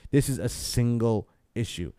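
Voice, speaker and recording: Man, comic book podcast co-host, mellow smooth voice, animated retelling, dry close sound. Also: medium pitch, normal speed, no echo. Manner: animated retelling, acts out characters' lines. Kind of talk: casual comic book chat.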